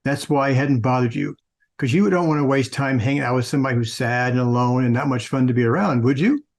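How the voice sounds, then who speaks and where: A man's voice: mid-range voice, fast, close to an everyday voice. A man voicing a glum, lonely male donkey in a storybook reading, downcast in manner.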